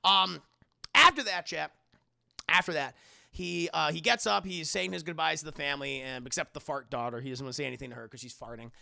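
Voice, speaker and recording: A man recapping a TV episode on a live stream in a casual, animated, profane way, often addressing his chat. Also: on the high side, brisk, gravelly, no echo, clean studio sound. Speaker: streamer and TV reviewer.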